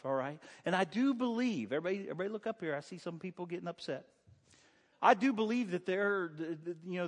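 Pasteur au sermon dans une salle réverbérante. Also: male voice, a little high, big-room sound. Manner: conversational, joking with the congregation. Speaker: pastor. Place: church sanctuary.

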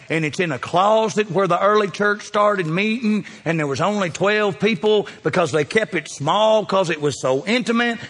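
A man preaching in a church, his fairly high voice carried by the long reverb of a large hall. He is folksy and dramatic, speaking straight to the people in the pews as he preaches. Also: fairly bright tone. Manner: folksy and dramatic, addresses the congregation directly. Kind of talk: sermon. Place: church sanctuary.

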